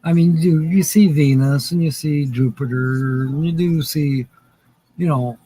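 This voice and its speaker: A man's voice: a little high, unhurried, dark tone, slightly rough, low-quality recording. A man hosting a live stream, rambling casually with lots of fillers.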